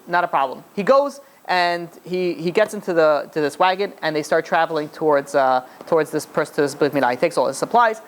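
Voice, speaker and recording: A man, a rabbi, telling a story in a lecture with animated delivery and frequent restarts. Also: fairly high pitch, a little fast, few pauses.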